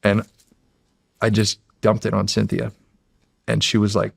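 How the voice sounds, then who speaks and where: Gravelly middle-aged man telling a story. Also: fairly low pitch, completely flat delivery, measured pace, no echo, clean studio sound. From United States. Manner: rambling, acts out quotes, repeats "he's like". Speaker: podcast guest. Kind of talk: casual storytelling.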